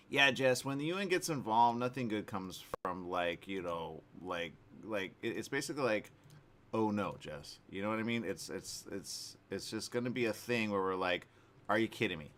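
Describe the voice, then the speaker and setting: A man's voice: on the low side, moderate pace. A man hosting a morning radio talk show, chatting casually with lots of fillers and restarts. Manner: rambling, animated, many fillers and restarts. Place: radio studio.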